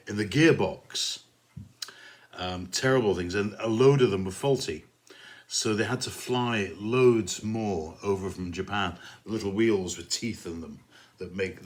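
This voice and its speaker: Man, low voice, casual solo podcast host, rambling, filler words, dry self-mocking jokes, reads poetry aloud. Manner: relaxed, meandering delivery with many fillers.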